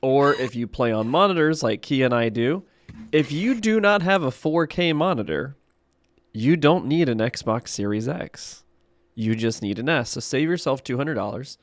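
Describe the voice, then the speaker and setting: A man co-hosting a podcast, casually explaining buying advice with quick asides. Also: medium pitch, lively intonation, no room sound. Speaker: podcast co-host. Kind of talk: casual chat.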